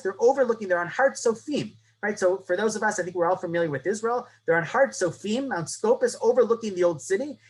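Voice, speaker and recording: A man teaches a lesson on the Passover Haggadah, telling it as a story and repeatedly asking listeners "right?" His delivery shifts between loud, emphatic lines and low, hushed ones, and the recording quality is poor.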